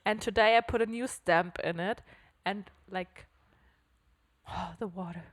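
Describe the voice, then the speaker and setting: A woman's voice: mid-range voice, unhurried. A young woman with German as her first language, co-hosting a casual podcast chat in English and often searching for words. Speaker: podcast co-host.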